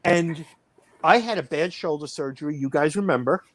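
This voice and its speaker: A man's voice: fairly high pitch, moderate pace, fairly bright tone, no echo. A man in his fifties, a wrestling promoter, telling a heated story in a blunt, boastful way. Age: 50s. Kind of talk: casual storytelling.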